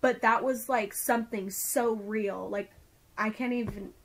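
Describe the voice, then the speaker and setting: Young woman, fairly high voice, casual storytelling, constant "like", earnest and excited. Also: unhurried, husky. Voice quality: filler-heavy, says "like" constantly.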